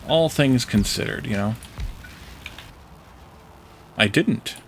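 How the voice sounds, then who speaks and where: A streamer playing a modded factory game rambles and jokes over the gameplay, chatting with his viewers and trying out foreign words. His mid-range voice is expressive and unhurried. There's a little hiss or hum in the recording.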